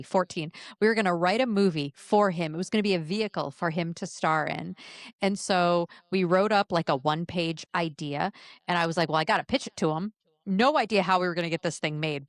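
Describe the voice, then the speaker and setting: A woman in her thirties co-hosting a podcast, telling a long story quickly and with animation, acting out the quoted voices. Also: fairly low pitch, dry recording, studio quality. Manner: fast, animated storyteller who acts out quotes. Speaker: podcast co-host. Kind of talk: casual chat, animated storytelling.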